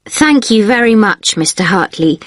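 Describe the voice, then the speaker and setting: A woman's voice: mid-range voice, lively intonation, normal speed, no echo, clean studio sound, natural voice. A woman playing a polite hotel receptionist in a scripted exam dialogue, using a formal service tone. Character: courteous female hotel receptionist.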